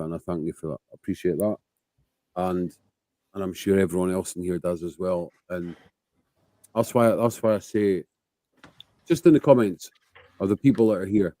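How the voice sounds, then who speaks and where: A man hosts a loose late-night live chat, swearing freely. His voice sits very low and sounds mellow. The recording is dry and close. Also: fairly even intonation, moderate pace, long pauses, no echo. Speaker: host.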